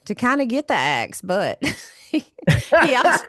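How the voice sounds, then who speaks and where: A woman's voice: fairly high pitch, big pitch swings, measured pace, no echo, clean studio sound. A woman hosting a podcast, chatting casually and laughing often. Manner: warm-hearted, laughs often. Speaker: podcast host.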